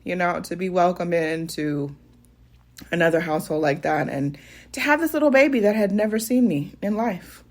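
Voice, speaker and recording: A woman's voice: fairly low pitch, expressive, normal speed. A young adult woman casually telling a funny personal story to her viewers, laughing often and calling them y'all. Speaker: vlogger.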